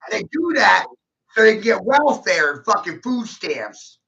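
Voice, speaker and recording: A man's voice: high-pitched, very animated, unhurried, creaky, sharp tone, poor audio. A man ranting angrily in a casual vlog, swearing heavily and jumping between grievances. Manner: angry, swearing, erratic. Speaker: vlogger. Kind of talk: profane rant to camera.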